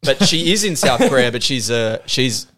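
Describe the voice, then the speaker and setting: Playful man riffing, lively pitch. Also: normal speed. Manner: playful, pitches ideas with laughing asides. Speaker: podcast co-host. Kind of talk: casual comedy brainstorm.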